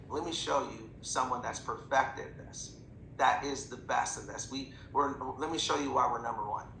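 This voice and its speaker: A man giving a sales training talk to his team, talking fast and acting out bits of dialogue with clients. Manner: fast, animated, slips into quoted voices. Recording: echoey room with faint rumble.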